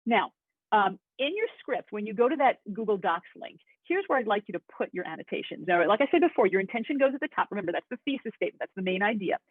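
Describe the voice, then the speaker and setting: A woman's voice: medium pitch, sing-song, quick pace, husky, no echo. A woman teaching acting in a webinar, chatty and enthusiastic, with asides to her class. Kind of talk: webinar lesson. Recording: tinny phone-like audio.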